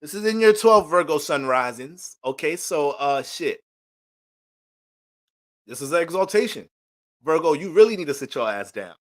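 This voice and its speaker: A young man giving a casual, profane, joking astrology reading in animated rants. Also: on the high side, normal speed, pauses often. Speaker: astrology reader.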